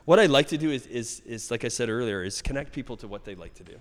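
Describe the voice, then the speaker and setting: Middle-aged man, casual interview chat, rambling and profane, average pitch, long hall reverb. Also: fast talker. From Canada. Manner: rambling, profane, animated storytelling with many restarts. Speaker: gym owner and guest.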